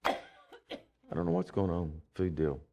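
A man's voice: sits low, steady tone, unhurried, mellow. A man who is a pastor, preaching a conversational sermon in a church, with rising bursts of energy.

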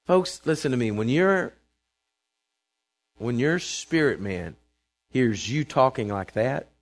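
A man, preaching a sermon to his congregation, emphatic and calling for responses, swinging between loud proclamations and quiet asides. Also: mid-range voice, lively intonation, takes it slowly. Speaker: pastor. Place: church sanctuary before a congregation.

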